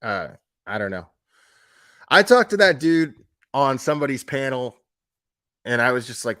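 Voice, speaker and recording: A man's voice: medium pitch, lively intonation, moderate pace, fairly bright tone, dry recording, studio quality. A man hosting a casual true crime livestream, rambling, swearing and sarcastic as he reads and answers chat.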